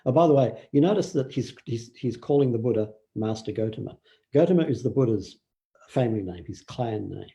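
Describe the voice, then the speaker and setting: An older man giving a relaxed dharma talk, telling stories with fillers and acted quotes. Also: medium pitch, a little fast, creaky. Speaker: meditation teacher.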